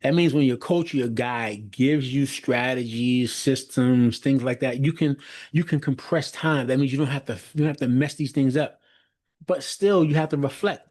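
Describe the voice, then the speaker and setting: A man's voice: mid-range voice, moderate pace, a little mellow. A middle-aged man giving a motivational leadership talk, repeating phrases with a preacher-like emphatic cadence and frequent restarts, as if on a video call. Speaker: leadership coach.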